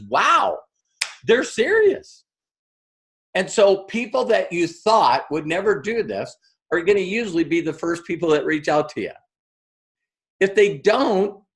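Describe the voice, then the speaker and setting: A man giving a motivational business training talk, animated and acting out other people's lines as he tells stories. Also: sits high.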